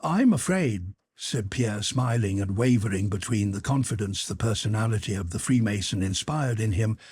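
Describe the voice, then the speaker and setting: Husky male audiobook narrator. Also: on the low side, fairly even intonation, normal speed, darkish tone, dry recording. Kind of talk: scripted narration of a classic novel.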